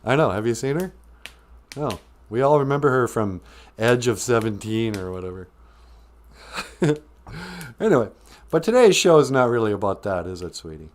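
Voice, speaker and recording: A man's voice: mid-range voice, very animated, moderate pace, long pauses. A man hosting a comedy live stream, who talks in a blunt, sarcastic, ranting way. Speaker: show host.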